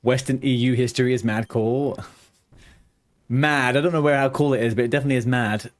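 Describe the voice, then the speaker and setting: A young man talks loosely to his live chat as he plays, drifting between jokes and tangents. His voice sits in an ordinary middle pitch, and he swears freely in a rambling, easygoing banter. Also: fairly even intonation, fairly quick. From England. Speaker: streamer. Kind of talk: casual live-stream chat while gaming.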